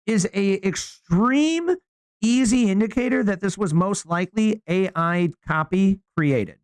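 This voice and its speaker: A man co-hosting a podcast, chatting casually in slangy, animated storytelling. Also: high-pitched, unhurried, smooth, no room sound. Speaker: podcast co-host.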